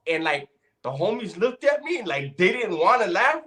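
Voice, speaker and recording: Animated, slightly high-voiced man telling stories. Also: moderate pace. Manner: animated storyteller, profane, builds to punchlines. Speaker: podcast co-host. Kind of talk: casual storytelling chat.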